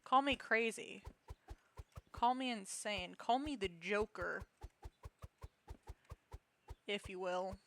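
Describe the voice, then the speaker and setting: A woman's voice: medium pitch, slow pace, gravelly, pauses often, bright, forceful tone, slight background noise. Rambling, self-mocking woman streamer. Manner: rambling, self-mocking storytelling with many restarts. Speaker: game streamer. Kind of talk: casual live-stream chat.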